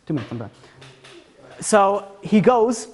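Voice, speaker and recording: Man, rabbi, storytelling talk, animated, self-correcting. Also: high-pitched, a little slow. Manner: animated, acts out characters, frequent restarts.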